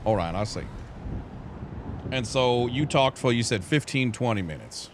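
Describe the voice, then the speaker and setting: A man's voice: mid-range voice, expressive, normal speed, noisy background. A man in a roleplay, questioning his client in a methodical way with legal jargon. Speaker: lawyer character in roleplay.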